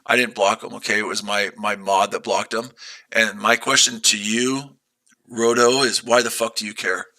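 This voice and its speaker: A man's voice: lowish voice, fairly even intonation, moderate pace, pushed and bright. A man streaming live as a day trader, ranting at his chat in a combative, profane way and repeating his rhetorical questions.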